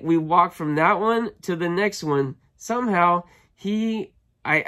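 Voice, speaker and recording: A man's voice: fairly high pitch, a bit bright. Chatty man rambling through a story. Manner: chatty, rambling, frequent ums and restarts. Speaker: storage locker buyer and vlogger. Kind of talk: casual storytelling to camera. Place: inside a storage unit.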